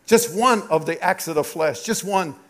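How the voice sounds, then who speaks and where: A middle-aged man, a pastor, preaching a sermon through an animated, confessional personal story. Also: high voice, normal speed.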